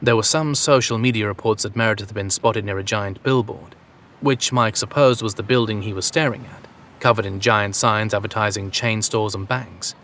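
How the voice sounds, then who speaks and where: A man reading a story aloud in a steady, measured narration. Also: lowish voice, slight background noise. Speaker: audiobook narrator. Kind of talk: scripted narration.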